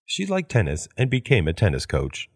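A man with a very low voice reads each practice sentence in turn. His delivery is measured, with a wide, expressive pitch swing. The sound is close and dry. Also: breathy edge, no room sound. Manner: measured, repeats each sentence after the woman. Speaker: English phrase reader. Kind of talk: read-aloud of practice sentences.

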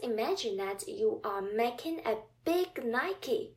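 Slow, patient Mandarin tutor woman. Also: a little high, lively intonation, a little mellow. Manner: repeats drill sounds, prompts listener to repeat. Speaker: Mandarin tone teacher. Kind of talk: slow, patient language lesson.

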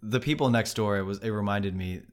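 A man's voice: lowish voice, fairly quick. An American man hosting a podcast, telling a travel story in a casual, rambling way with many fillers and restarts. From United States. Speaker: podcast host.

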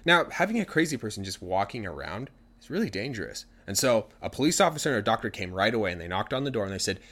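A man retelling a story for language learners in an animated, conversational way. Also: lowish voice, fast talker.

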